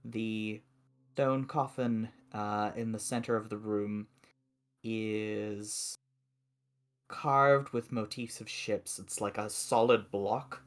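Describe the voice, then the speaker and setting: A man narrating as game master of a tabletop game, describing the scene slowly with many pauses and fillers. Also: fairly low pitch, steady tone.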